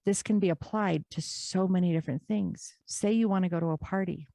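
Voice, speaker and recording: Woman interview guest, low warm voice, earnest and encouraging, dry close mic. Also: vocal fry, dry recording. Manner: earnest, encouraging, drawn-out emphasis. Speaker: podcast guest. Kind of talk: conversational interview.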